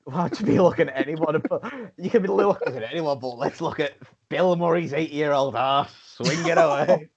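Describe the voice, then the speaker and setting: A man's voice: a little high, fairly quick, gravelly, few pauses, a crowd in the background. A man co-hosting a podcast, with blunt, crude banter. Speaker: podcast co-host. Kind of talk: casual chat. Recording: dull podcast mic.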